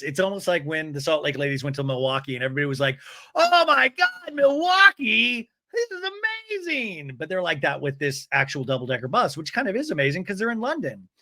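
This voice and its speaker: A man hosting a comedic recap, animated, slipping into high campy impressions of the people he retells. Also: fast talker, hardly any pauses, dry recording, clean studio sound. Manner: animated, mimics cast members in high campy voices. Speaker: podcast host recapping reality TV.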